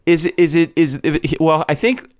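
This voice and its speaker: This is a man co-hosting a podcast in loose, rambling banter, chuckling as he goes. His voice sits a little high. The sound is dry and close. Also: unhurried, dry recording. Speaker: podcast co-host.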